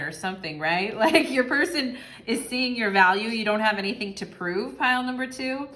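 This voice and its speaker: A young woman gives a casual tarot reading in a bright, sharp voice. She talks in a chatty, sassy way, swears freely and slips into quick voices for the people she describes. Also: fairly high pitch, lively intonation. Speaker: tarot reader.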